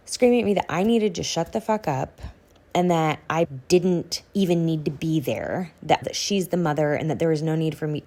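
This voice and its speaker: A woman's voice: low voice, a little mellow. A young adult woman, a podcast guest, telling a personal story candidly with many "like" fillers.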